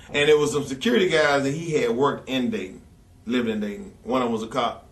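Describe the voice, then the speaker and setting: A former wrestler in an interview, telling stories in a blunt, angry and heavily profane rant. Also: male voice, mid-range voice, fast, slight background noise. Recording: echoey room, speaker far from mic.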